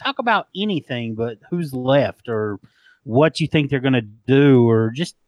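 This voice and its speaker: A man's voice: mid-range voice, expressive, unhurried, no room sound. A man with a Southern US accent, a podcast guest, telling blunt stories in casual chat and swearing freely.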